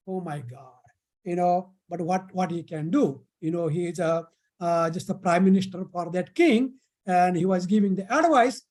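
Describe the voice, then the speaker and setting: A storyteller relating an old folk tale to a camp of young listeners. The telling is halting, full of pauses and restarts, at a middling pitch. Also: darkish tone. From India.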